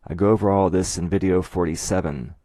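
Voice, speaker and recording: Male narrator for an explainer: deep voice, dry close-mic sound, measured and methodical. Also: fairly even intonation, dark tone, dry recording. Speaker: video essayist.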